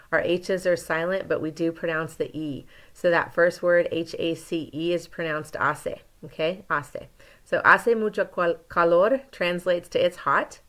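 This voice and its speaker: A woman teaching a recorded lesson, modelling words slowly and clearly and pausing for learners to repeat. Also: lowish voice. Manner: slow, clear pronunciation drills with pauses. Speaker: Spanish teacher.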